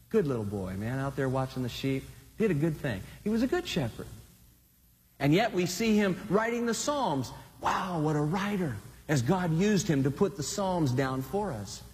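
A male pastor delivers a sermon with lively, swooping delivery, his voice sitting high for a man. He talks to the congregation casually, then drops low for emphasis. A long reverb trails every phrase. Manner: animated, conversational preaching with dramatic swings.

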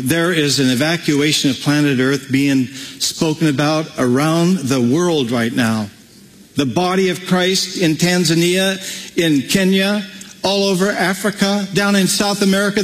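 Animated preacher in an echoing hall. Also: male voice, fairly high pitch. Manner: animated preaching with dramatized asides. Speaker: pastor. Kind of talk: sermon.

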